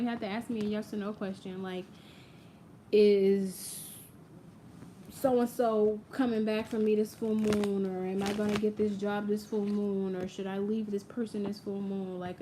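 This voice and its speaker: A woman's voice: medium pitch, steady tone, normal speed, slight background noise. A young woman hosting a casual live-stream tarot reading, chatty and playful, speaking directly to her viewers. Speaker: tarot reader. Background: quiet ambient audio playing.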